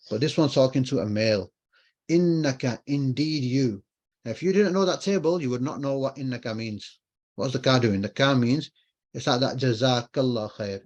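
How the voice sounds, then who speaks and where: A man's voice: medium pitch, darkish tone, highs cut off. A man teaching an online Arabic class, explaining patiently and repeating key phrases. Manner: explains patiently, repeats phrases, asks and answers his own questions.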